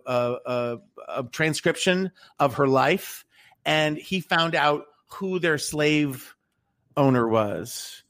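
A man's voice: mid-range voice, a bit bright. A man in casual chat, telling a story in a rambling way with many restarts and fillers.

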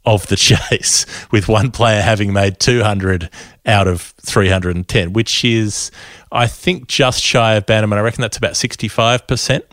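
A man's voice: fairly low pitch, moderate pace, fairly bright tone, no room sound. An Australian man co-hosting a casual podcast, chatting with dry, jokey banter. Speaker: podcast co-host.

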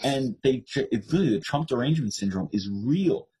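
Husky animated New man. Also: mid-range voice, fast talker, poor audio. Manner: animated storyteller, mimics others in raised voice. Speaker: podcast co-host. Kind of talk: casual political chat.

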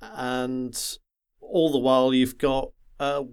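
A man from the Wirral in England, chatting casually about a game on a podcast and rambling with lots of pauses and filler sounds. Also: mid-range voice, steady tone, clear, resonant tone. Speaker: podcast co-host.

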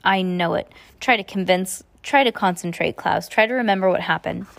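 A woman's voice: fairly low pitch, normal speed, vocal fry, fairly bright tone. A woman reading aloud and voicing an anxious, determined older sister, a girl, with urgency. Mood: worried, urgent.

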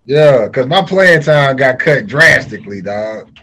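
A man's voice: medium pitch, animated, measured pace, a crowd in the background. A man co-hosting a podcast, joking and laughing in casual banter. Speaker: podcast co-host.

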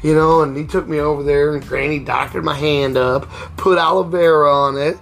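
A man's voice: on the high side, steady tone, normal speed, creaky, fairly bright tone. A middle-aged man hosting a casual storytelling podcast, speaking candidly and rambling with frequent restarts. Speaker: podcast host.

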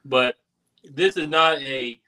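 A man's voice: mid-range voice, takes it slowly, sharp tone, low-quality recording. A man co-hosting a casual sports podcast, emphatic and jokey. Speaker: podcast co-host.

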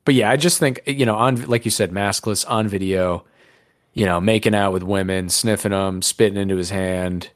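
A man's voice: fairly low pitch, fairly even intonation, moderate pace, dry recording, clean studio sound. A man hosting a podcast in casual chat, crude, rambling and joking. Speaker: podcast host.

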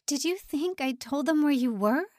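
A woman's voice: high-pitched, animated, normal speed, darkish tone, no room sound, studio quality, pitched above the performer's own voice. A woman voicing a fragile young woman prisoner who pleads near tears. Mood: pleading.

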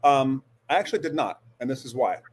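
A man's voice: mid-range voice, lively intonation, fairly quick, breathy edge. A man in his forties, a guest, earnestly telling a personal story with frequent restarts and hesitations. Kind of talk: storytelling interview.

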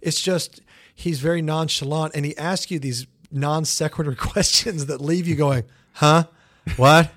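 A middle-aged man from the United States, a guest comedian telling stories in a casual interview, animated, with many fillers and restarts. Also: fairly high pitch, moderate pace, no room sound, studio quality.

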